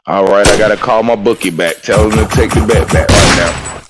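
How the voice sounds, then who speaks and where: A man chatting casually as a streamer, excitable and profane with loud whoops. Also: fairly low pitch, a little fast. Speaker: streamer reacting to clips. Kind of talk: casual reaction chat.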